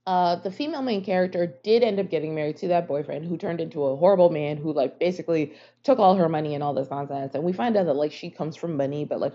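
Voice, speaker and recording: Woman, low and dark-toned, casual rambling book-review monologue, muffled lo-fi sound. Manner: rambling, heavy use of "like" fillers. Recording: slightly muffled lo-fi recording.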